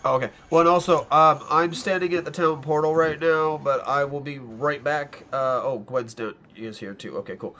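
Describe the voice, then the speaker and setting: A man chatting casually with friends in a gaming voice chat, easygoing and quick with asides. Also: a little high, bright, forceful tone, a little hiss or hum. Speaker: gamer in voice chat.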